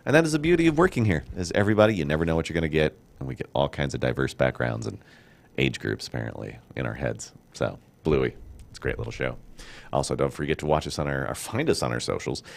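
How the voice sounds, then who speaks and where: A middle-aged man hosting a casual studio chat, joking and rambling in an animated way. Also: extremely low pitch, quick pace, gravelly. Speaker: show host.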